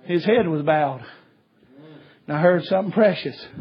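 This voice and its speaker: A man preaching a sermon, telling stories fervently and rising to shouts. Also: fairly high pitch, moderate pace, husky, muffled recording. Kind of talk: sermon with storytelling.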